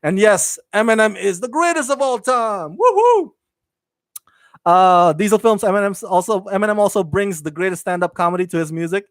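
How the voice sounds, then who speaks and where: A man's voice: high-pitched, brisk, hardly any pauses, a bit bright, dry recording. A man hosting a live entertainment news stream, chatting casually and reading out viewer comments with enthusiastic, rambling asides and many fillers.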